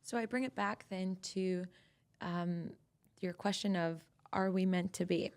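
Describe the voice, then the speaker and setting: A woman hosts a conversational podcast, keeping the talk flowing with friendly affirmations. Her voice sits a little low for a woman. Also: steady tone, a little mellow, clean tone. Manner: supportive listener, quick affirmations and laughs. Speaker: podcast host.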